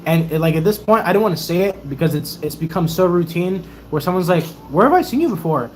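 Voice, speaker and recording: Animated young man telling stories. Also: high-pitched, fast, slight background noise. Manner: animated storyteller, acts out other people's excited voices. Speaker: YouTuber and Navy sailor answering viewer questions. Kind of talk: casual livestream Q&A storytelling.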